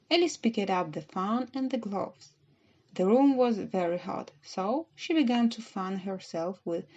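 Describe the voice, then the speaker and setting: A woman narrating a children's storybook audiobook in a measured, gentle reading. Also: on the high side, gravelly, dull audio.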